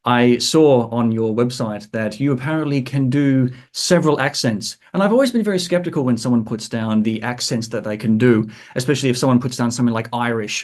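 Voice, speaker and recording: A man's voice: medium pitch, fairly quick, darkish tone. A man hosting a podcast, asking playful, teasing questions. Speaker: podcast host. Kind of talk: casual podcast interview.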